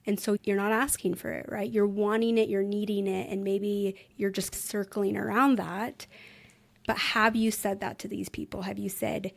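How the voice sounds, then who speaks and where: Gravelly-voiced woman therapist, calm and reflective. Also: mid-range voice, moderate pace. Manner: calm, reflective, gently coaching with repeated rhetorical questions. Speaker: therapist guest. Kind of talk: podcast conversation.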